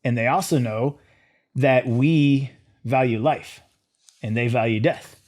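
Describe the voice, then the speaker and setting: A middle-aged man speaks as a podcast guest at a mid-range pitch. He recounts a story in a relaxed, conversational way, with fillers and bits of dry humor. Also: slow. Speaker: military veteran interview guest. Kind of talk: casual storytelling in a podcast interview.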